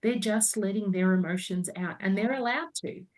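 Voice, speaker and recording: A woman's voice: mid-range voice, normal speed. A woman in her forties, a naturopath guest talking through her clinical experience in an earnest, explaining way. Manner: earnest, explains at length with own examples. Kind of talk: casual podcast chat. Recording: voice a bit distant from the mic.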